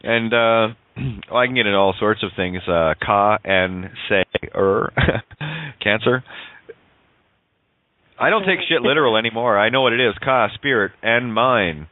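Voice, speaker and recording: A man hosting a call-in radio show, rambling excitedly, swearing freely and laughing often as he plays with the sounds of words. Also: on the low side, unhurried, no echo. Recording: tinny phone-like online call audio.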